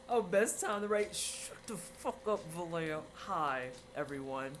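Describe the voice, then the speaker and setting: Her mid-range voice is animated and keeps a moderate pace with hardly any pauses, over slight background noise. She's baking on a livestream, casually talking to viewers, giggling, teasing, and exclaiming often.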